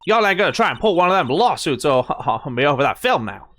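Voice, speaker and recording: A man voicing a brash Southern country woman photographer in a put-on US Southern drawl, loud and folksy. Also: fairly high pitch, big pitch swings, fast talker.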